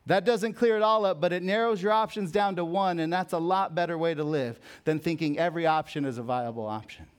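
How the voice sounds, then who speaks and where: A young man preaching a sermon as a pastor, conversational and jokey, telling stories, then dropping soft for emphasis. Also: a little high, fairly even intonation, a little fast, few pauses, clean tone. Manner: conversational, jokey storytelling with sudden soft drops.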